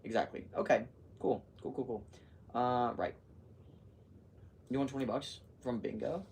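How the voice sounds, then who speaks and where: A man's voice: mid-range voice, a little slow, vocal fry. Rambling teen guy vlogging from afar. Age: teens. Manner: rambling, heavy use of "like", animated retelling. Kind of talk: casual chatty vlog. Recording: distant mic with faint background noise.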